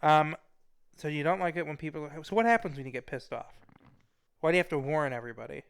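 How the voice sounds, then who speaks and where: A man's voice: fairly high pitch, quick pace, vocal fry, smooth. A man hosting a casual interview talk show, joking and playfully rude.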